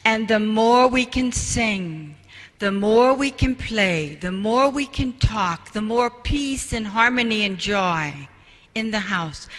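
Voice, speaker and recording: A man giving a parenting lecture to an audience, telling stories slowly and asking the room rhetorical questions, recorded in an echoey hall from far off. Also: sits high, fairly bright tone. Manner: slow, storytelling delivery with rhetorical questions to the audience. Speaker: parenting speaker. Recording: echoey hall, voice far from mic, faint noise.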